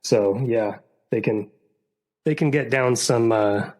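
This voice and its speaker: Man, podcast co-host, casual chat, rambling, lots of fillers, laughs often, mid-pitched. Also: takes it slowly, darkish tone.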